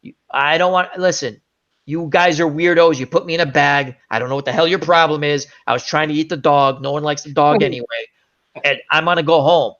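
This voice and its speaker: A man's voice: fairly high pitch, fairly even intonation, a little fast, a bit bright. A man voicing a crude angry python. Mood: grumbling. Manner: profane, sarcastic grumbling. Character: annoyed wild male python, crude and defiant. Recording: dull lo-fi audio.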